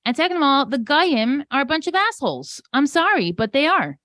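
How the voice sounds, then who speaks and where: A woman guest on a podcast, chatting casually in an animated, joking way. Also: high-pitched, a little fast, no echo, studio quality.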